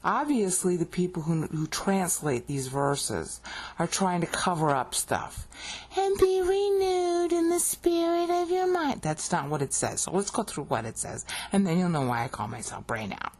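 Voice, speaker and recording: A woman on her video channel casually explaining word meanings, often pausing to check in with the viewer. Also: low voice, expressive, breathy edge. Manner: explanatory, keeps checking in with "okay?". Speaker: YouTuber explaining Bible Greek. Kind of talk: casual teaching monologue.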